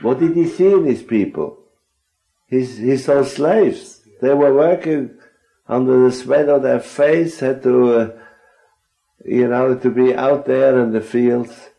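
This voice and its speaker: A man's voice: medium pitch, slow, gravelly, warm tone, poor audio. A man leading a group Bible discussion, earnest and often posing questions to his listeners. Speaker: Bible study speaker.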